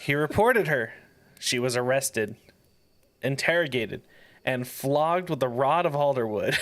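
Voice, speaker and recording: A man's voice: medium pitch, expressive, measured pace, fairly bright tone. A man co-hosting a podcast, reading a folk tale aloud and breaking off playfully to joke. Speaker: podcast co-host.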